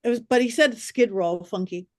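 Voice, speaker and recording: A woman with a fairly high voice, speaking as a psychic medium who is a guest on a podcast. She tells her stories with animation and slips into the voices of the people in them. The sound is dry and close, with no room echo. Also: moderate pace. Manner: lively, acts out quoted voices. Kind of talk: animated storytelling in a podcast interview.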